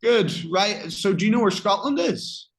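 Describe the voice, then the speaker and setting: A man's voice: high-pitched, lively intonation, normal speed, a bit bright, slight background noise, rough recording. A man teaching an English lesson, who explains phrases, reads practice dialogue and keeps checking that his student understands. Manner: encouraging, checks understanding often.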